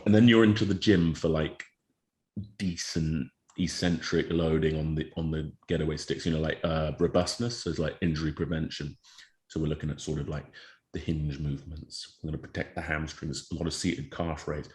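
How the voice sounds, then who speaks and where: A man's voice: rumbling low, steady tone, moderate pace, a little mellow, reverberant. A young man who plays prop, chatting casually in a rambling, jokey way with lots of fillers. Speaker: podcast co-host, rugby prop. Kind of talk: casual chat.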